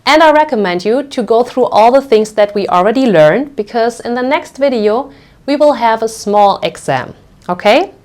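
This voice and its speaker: A woman with a slightly high, expressive, somewhat mellow voice teaches pronunciation in English as a German teacher. She explains slowly and patiently, regularly checking in with listeners by saying "okay?".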